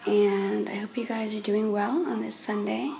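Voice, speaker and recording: A woman's voice: mid-range voice, flat delivery, moderate pace, vocal fry, mellow, rough recording. Chatty woman vlogging at home. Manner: chatty, rambling, talks to her dogs. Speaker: hair stylist vlogger. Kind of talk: casual vlog chat.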